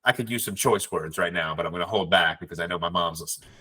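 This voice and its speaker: Podcast guy, low but bright voice, easygoing and agreeable. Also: fast talker, breathy edge, low-quality recording. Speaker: podcast co-host. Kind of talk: casual podcast chat.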